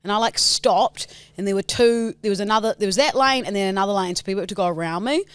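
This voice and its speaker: A woman's voice: mid-range voice, quick pace, fairly bright tone, smooth, dry recording. A woman co-hosting a podcast, chatting and teasing in casual banter. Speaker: podcast co-host.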